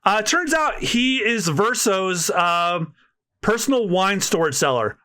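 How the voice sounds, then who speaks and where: A man's voice: high voice, expressive, slow, pushed and bright, clear, resonant tone. A man co-hosting a podcast, talking enthusiastically in casual chat with many fillers. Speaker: podcast co-host.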